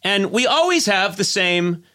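A man's voice: high-pitched, big pitch swings, unhurried, bright, forceful tone. A middle-aged man hosting a podcast in a studio, joking playfully with mock outrage and spinning absurd bits. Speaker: podcast host. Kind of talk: comedic casual chat.

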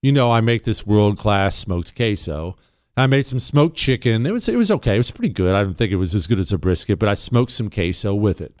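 A middle-aged man hosting a talk radio show, telling stories and riffing on the news in a sarcastic, animated way. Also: fairly low pitch, a little fast, no echo, clean studio sound.

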